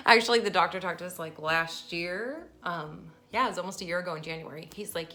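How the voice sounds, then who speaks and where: Chatty mom vlogger, slightly low voice. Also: female voice, expressive, normal speed, sharp tone. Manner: chatty, laughs often, emotional storytelling. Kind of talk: casual personal vlog.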